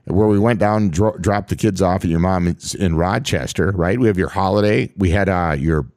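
A man's voice: low-pitched, moderate pace, darkish tone, no echo, clean studio sound. A middle-aged man co-hosting a podcast, talking casually with many restarts and reassuring interjections. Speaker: podcast co-host. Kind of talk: casual chat.

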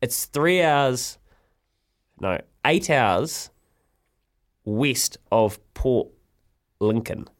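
A man with a New Zealand accent hosting a radio show, telling stories in a casual, animated way and acting out quotes. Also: medium pitch, extremely slow, pauses often. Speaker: radio host. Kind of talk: casual chat.

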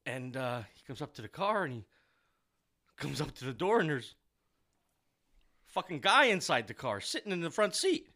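A man with a fairly high, very lively voice and a bright, forceful edge. He swears freely and tells stories with energy in casual talk with friends. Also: moderate pace, pauses often. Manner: profane, animated storyteller. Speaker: works at a car dealership service department. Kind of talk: casual chat.

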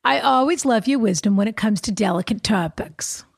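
A woman's voice: medium pitch, expressive, normal speed, gravelly, slightly rough, dry recording, clean studio sound. A woman co-hosting an advice podcast, chatting playfully, laughing easily and reading a listener's letter aloud. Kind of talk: casual chat and letter reading.

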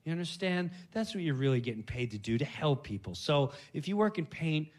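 A man voicing a stern, self-important hardware clerk who lectures in a low, preachy tone. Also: very animated, fairly quick.

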